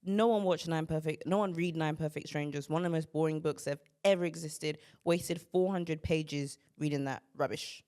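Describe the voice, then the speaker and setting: A woman's voice: low voice, fairly even intonation, normal speed, few pauses, darkish tone. A young woman from Kent hosting a podcast, chatting casually, blunt and opinionated, acting out friends' voices between laughs. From Kent, England. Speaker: podcast host.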